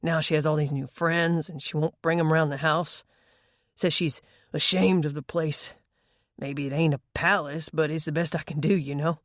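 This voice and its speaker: A woman voicing a gruff, weary father. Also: steady tone, normal speed, no echo, clean studio sound, close to an everyday voice. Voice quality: gruff, rumbling. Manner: grumbling and hesitant. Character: gruff, weary working father, rough-edged.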